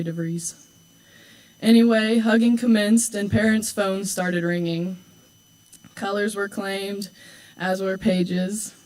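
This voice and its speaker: A teenage girl in her late teens giving a prepared speech as a homecoming court candidate indoors at a school event, heartfelt and warm, with teasing, dry asides. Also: medium pitch, poor audio.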